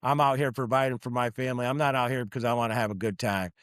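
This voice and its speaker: A man's voice: mid-range voice, fairly even intonation, quick pace, fairly bright tone, clean tone, no echo. Union truck guy telling it straight, cusses a lot, mid voice, dead dry sound. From New York. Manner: blunt, profane, emphatic. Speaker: union truck driver guest. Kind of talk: casual podcast storytelling.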